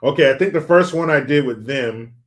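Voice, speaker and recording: A man's voice: medium pitch, brisk. A middle-aged man hosting a casual livestream, reading viewer comments in a loose, joking, sometimes profane way. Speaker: livestream host.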